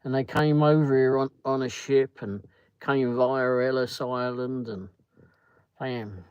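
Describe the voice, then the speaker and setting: A man's voice: mid-range voice, steady tone, takes it slowly, clean tone, dry recording, muffled recording. A man hosting a casual livestream, rambling through a story and greeting viewers by name. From Britain. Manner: rambling, chatty, reads viewer comments aloud. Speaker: livestream host.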